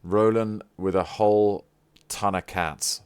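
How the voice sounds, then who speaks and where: A man's voice: on the low side, fairly even intonation, slow, clear, resonant tone. A man chatting casually on a live stream, effusive and playfully teasing. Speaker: livestreamer.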